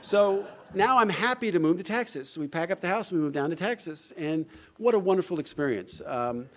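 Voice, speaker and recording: A man's voice: high voice, expressive, fairly quick, a bit bright. Man telling a recovery story. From New Jersey. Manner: storytelling, acts out dialogue; frequent "you know" asides. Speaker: recovery speaker. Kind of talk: personal recovery talk. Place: event hall.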